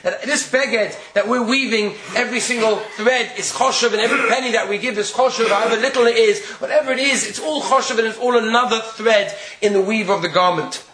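A man's voice: high voice, fairly quick, hardly any pauses, echoey room, background noise. A man giving a Torah lecture, telling stories and asking rhetorical questions. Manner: storytelling, rhetorical questions, Yiddish and Hebrew terms. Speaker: Torah teacher.

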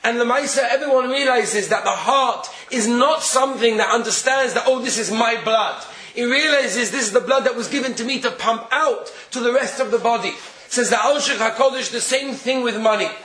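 Man, Torah lecture, very high voice, echoey room, storytelling. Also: normal speed, pushed and bright. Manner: storytelling, rhetorical questions, Yiddish and Hebrew terms. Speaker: Torah teacher.

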